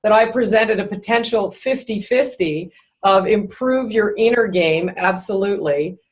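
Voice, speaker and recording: A woman business coach answering interview questions in a measured, explanatory way, thinking aloud as she goes. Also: medium pitch.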